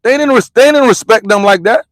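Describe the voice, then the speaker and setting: High-voiced man ranting, slangy and repetitive. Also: brisk, no echo. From United States. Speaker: vlogger and commentator. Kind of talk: heated street-rant vlog. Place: parked car.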